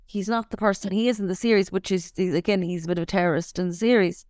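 A young Irish woman telling an animated story on a podcast, swearing freely as she talks. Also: mid-range voice, quick pace, no echo, clean studio sound. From Ireland. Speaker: podcast co-host. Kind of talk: casual chat.

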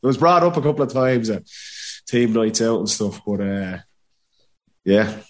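Irish man telling a lively story. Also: fairly low pitch, moderate pace. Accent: Dublin Irish. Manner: animated anecdote with laughter and acted quotes. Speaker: podcast guest, former footballer. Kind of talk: casual storytelling.

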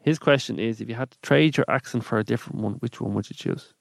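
A man's voice: medium pitch, quick pace, creaky, no room sound, studio quality. A young man co-hosting a podcast, reading listener questions with wry asides. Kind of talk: casual chat.

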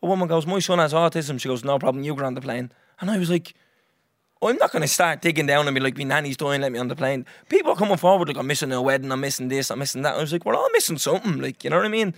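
A young Irish man hosting a podcast, telling a story in a lively, swearing, casual way and acting out what others said. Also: fairly high pitch, racing, no room sound, clean studio sound. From Ireland. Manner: animated, swears freely, acts out others' lines. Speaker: podcast host.

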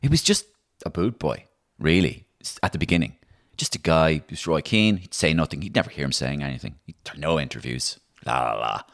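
Deep-voiced, animated Irish man. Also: a little fast. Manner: animated, storytelling, many restarts. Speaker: comedian and impressionist, guest. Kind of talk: casual interview chat.

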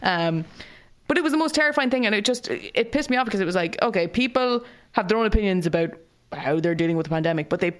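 A woman's voice: medium pitch, quick pace. An Irish woman co-hosting a podcast, telling a story in casual chat with plenty of swearing and acted-out quotes. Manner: animated storytelling, heavy swearing, acts out quoted voices. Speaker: podcast co-host.

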